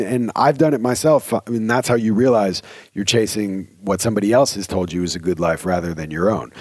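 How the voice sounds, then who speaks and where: Male podcast host, earnest and chatty, keeps restarting his sentences; low voice, dry close sound. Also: darkish tone, no room sound. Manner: earnest, conversational, with frequent restarts. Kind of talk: reflective spoken commentary.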